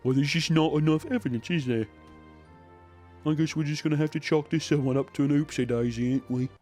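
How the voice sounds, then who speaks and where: A man's voice: on the high side, fairly even intonation, fairly quick, a little mellow, faint music behind, lightly acted. A man putting on a mocking, exaggerated voice as a smug British man shrugging off blame.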